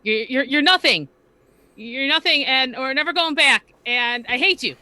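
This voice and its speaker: A woman's voice: sits high, normal speed, bright, forceful tone, dry recording. A woman voicing a furious young changeling girl. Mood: hateful, furious. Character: furious young female changeling screaming hatred.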